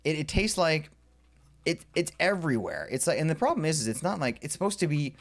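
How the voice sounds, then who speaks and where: A man's voice: fairly high pitch, fairly quick. A man streaming live, chatting casually with his viewers as he builds and ranting playfully, sometimes muttering under his breath. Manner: excitable and rambling, reacting to chat with playful rants. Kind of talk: casual livestream chat while building in a game.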